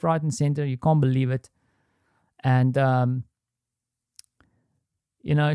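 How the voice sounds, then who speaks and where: Candid rambling man, dark dry voice. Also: mid-range voice, clear, resonant tone, no echo. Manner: rambling and candid, with frequent restarts and swearing. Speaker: podcast host. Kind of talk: reflective solo monologue. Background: quiet home.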